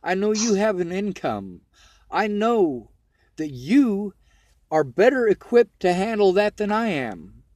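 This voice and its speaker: Earnest high-voiced man on the phone. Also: sing-song, slow pace, a little mellow, no echo. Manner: earnest, reassuring, argues his point. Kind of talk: emotional phone conversation.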